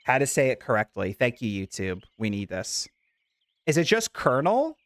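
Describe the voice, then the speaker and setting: Animated, giggly male streamer. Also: medium pitch, normal speed, dry recording. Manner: animated, giggly, chatty with viewers. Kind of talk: casual game stream chat.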